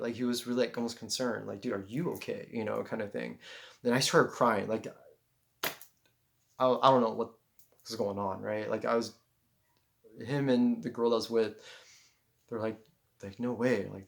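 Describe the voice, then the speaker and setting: A young man tells a personal story in a loose, rambling vlog monologue. He swears freely and keeps restarting his sentences around fillers. His voice sits at an ordinary middle pitch. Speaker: vlogger telling a personal story.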